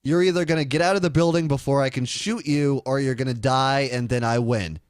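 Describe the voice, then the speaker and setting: A man's voice: medium pitch, fairly quick, clean tone, no room sound, clean studio sound. A man co-hosting a call-in talk show, riffing crudely and slipping into mocking impressions. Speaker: radio show co-host. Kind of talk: irreverent comedic talk show banter.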